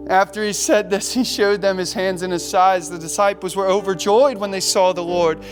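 High-voiced impassioned male pastor. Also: steady tone, normal speed, faint music behind. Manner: impassioned, repeats words, voices the disciples' despair. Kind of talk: sermon.

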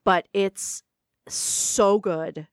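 A woman telling a story in casual podcast chat, chatty and quick to laugh, trailing off with fillers. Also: medium pitch, fairly even intonation, clear, resonant tone, no room sound, clean studio sound. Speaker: podcast co-host.

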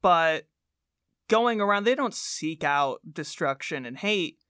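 A woman's voice: fairly low pitch, expressive, takes it slowly, fairly bright tone, clear, resonant tone, no room sound. A woman co-hosting a comedy podcast, making dry, wry remarks in casual chat. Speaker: podcast co-host.

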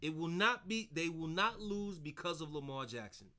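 A man with a high, bright voice that swings up and down. He rants about sports picks in loose, profane chat as a podcast co-host. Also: moderate pace. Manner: animated, profane ranting.

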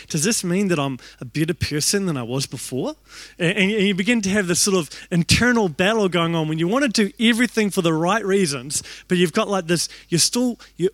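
A young New man with a high voice preaches a storytelling sermon through personal anecdotes, lively and quick to poke fun at himself. He acts out his own thoughts as if quoting them. The sound is dry and close, with almost no room echo.

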